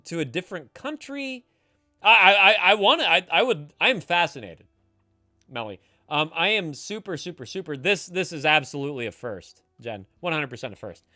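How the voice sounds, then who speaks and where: Male streamer host, swears a lot, teases chat, bright lively voice, dry close mic. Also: sits high, no echo. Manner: profane, loud and teasing, drinking beer. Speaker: streamer giving advice to chat. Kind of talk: casual live-stream chat, reading chat aloud. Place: home streaming setup, San Francisco.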